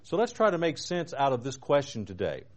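A man's voice: medium pitch, wildly swooping pitch, darkish tone. Guy hosting a tv bible show, earnest preacher, leans hard on scripture verses, asks the audience questions. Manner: earnest, reads scripture with slow emphasis, asks rhetorical questions. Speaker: TV program host and preacher. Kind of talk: televised Bible teaching.

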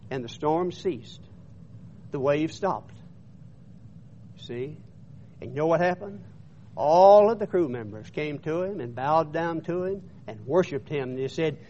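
Male preacher, high voice, emphatic storytelling sermon, dull lo-fi recording. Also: mellow, slight background noise.

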